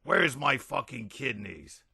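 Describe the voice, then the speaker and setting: A man's voice: medium pitch, sing-song, slow pace, creaky, sharp tone, slightly rough, dry recording, studio quality, full character voice. A man voicing the angry, foul-mouthed ghost of a man. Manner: angry, cursing. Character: cranky dead man's ghost, foul-mouthed.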